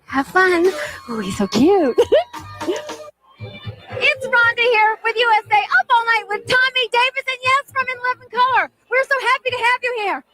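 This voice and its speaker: Bubbly, very high-voiced female TV host. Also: expressive, normal speed, bright, forceful tone, soft background music. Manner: bubbly, gushing, calls herself by name. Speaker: late-night TV host. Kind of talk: red-carpet celebrity interviews.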